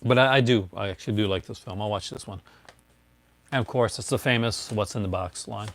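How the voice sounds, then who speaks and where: A man shows off his disc collection in a casual livestream show-and-tell, rambling, laughing often and greeting viewers by name. His voice is lowish and a little fast, with no room sound.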